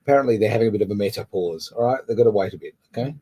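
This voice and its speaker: A man's voice: fairly low pitch, racing, mellow, slightly rough. A man with an Australian accent co-hosting a community radio show, bantering and teasing in a laid-back, joking way. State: tired. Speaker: radio co-host.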